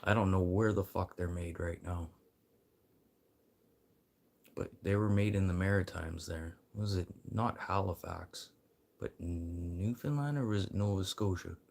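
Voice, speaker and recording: A man with a very deep, low-pitched voice talks casually to his livestream audience. He rambles and swears freely, drifting from quiet mutters to loud, eager pep talk. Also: measured pace, vocal fry. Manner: rambling, profane, swinging between muttering and loud encouragement.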